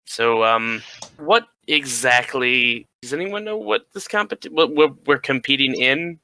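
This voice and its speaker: A man playing a tabletop game who makes quick, joking remarks. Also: medium pitch, pushed and bright, dry recording. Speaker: player. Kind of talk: in-character table banter.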